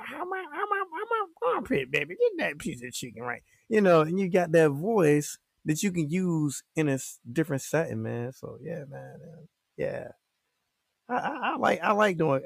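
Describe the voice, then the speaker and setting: A comedian guest, talking casually and rambling through his thoughts. His voice sits at a middle pitch and sounds dry and close. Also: dry recording. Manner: rambling, many fillers and restarts. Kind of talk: casual interview chat.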